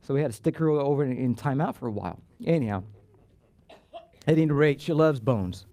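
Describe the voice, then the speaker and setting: A pastor preaching a sermon in church, animated and emphatic, often repeating words and drawing out key phrases. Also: male voice, medium pitch, a little fast. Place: church sanctuary.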